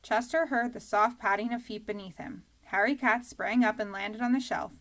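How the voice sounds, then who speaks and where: A woman narrating a children's storybook in a calm, even reading voice. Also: on the high side, normal speed. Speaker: audiobook reader.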